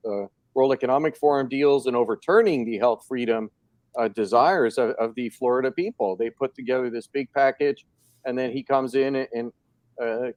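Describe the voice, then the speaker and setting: Dude rambling sarcastic in a political chat, lots of uh's, dry close sound. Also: male voice, mid-range voice, a little mellow, dry recording. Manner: rambling and sarcastic, full of fillers.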